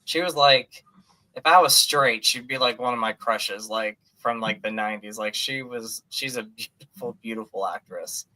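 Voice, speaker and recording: A man co-hosting a podcast, chatting casually about movies in an animated, gushing way with lots of fillers. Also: mid-range voice, moderate pace. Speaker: podcast co-host.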